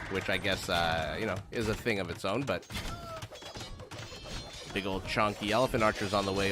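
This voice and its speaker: A man doing live play-by-play commentary on a strategy game match, chatting directly to his viewers. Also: low-pitched. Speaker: game caster. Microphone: streaming microphone. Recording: noisy live stream recording.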